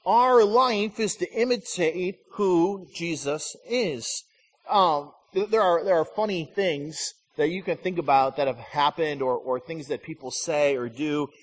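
A man's voice: a little high, measured pace, long reverb tail. A man from Michigan preaching a conversational sermon as a pastor, telling stories and acting out the people he quotes. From Michigan, USA. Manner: storytelling, acts out quoted voices.

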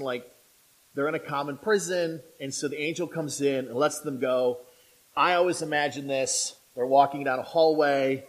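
A male pastor preaching a sermon in a conversational, animated way, asking the listeners questions and acting out the voices of people in the story. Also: on the high side, rough recording. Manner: animated, acts out quoted voices; conversational, asks the audience questions.

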